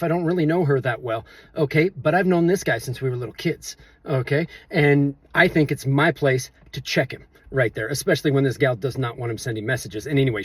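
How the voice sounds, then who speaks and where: A middle-aged man telling a personal story in a chatty, animated way and asking viewers to judge him. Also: mid-range voice, slightly rough, no room sound. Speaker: vlogger. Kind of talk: casual storytelling to camera.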